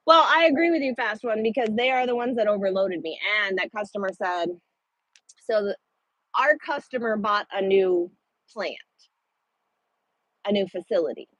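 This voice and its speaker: A woman truck driver chatting casually with her livestream viewers, blunt and quick to swear. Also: medium pitch, animated, fairly bright tone, no echo, highs cut off.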